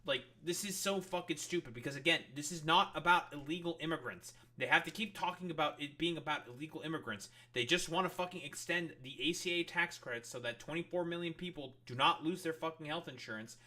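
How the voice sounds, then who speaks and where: A man's voice: on the high side, fairly quick, hardly any pauses, sharp tone. A man streaming, reacting to political news clips with angry, profane commentary.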